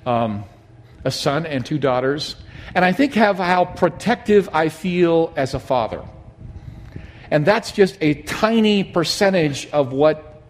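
Animated man preaching a sermon. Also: a little high. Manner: storytelling, animated and emphatic. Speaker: pastor.

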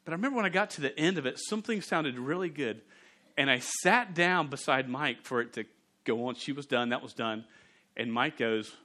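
A man, a pastor preaching a sermon in a church and telling stories in a relaxed, humorous way. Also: a little high, normal speed. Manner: conversational, humorous storytelling. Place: church sanctuary.

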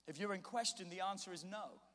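A man preaching a sermon, telling a scripture story and acting out its scenes with animated voices. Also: high voice, fairly quick. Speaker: pastor. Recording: long hall reverb.

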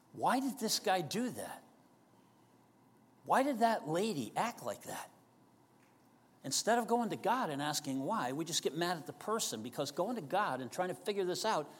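A slightly high male voice carries a big-room sound as the pastor delivers a casual sermon. He talks to the congregation conversationally and frequently poses questions to them.

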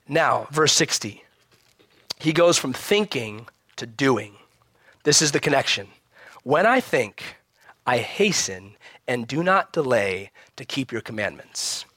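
A man preaching a sermon in an animated, conversational way, often checking in with rhetorical questions. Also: on the high side, no room sound. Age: adult parent. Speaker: pastor.

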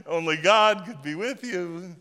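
A man voicing a flattering, sycophantic male Pharisee politician, buttering someone up. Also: high-pitched, measured pace, big-room sound. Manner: oily and sycophantic.

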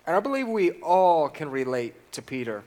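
A man's voice: a little high, very animated, normal speed, a little mellow. A man preaching a sermon, reading scripture aloud and putting questions to the congregation.

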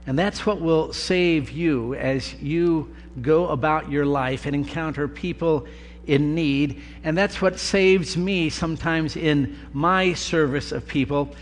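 A man preaching a sermon, with slow, deliberate delivery and emphatic pauses. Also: fairly high pitch. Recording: long reverb of a large hall, faint hum.

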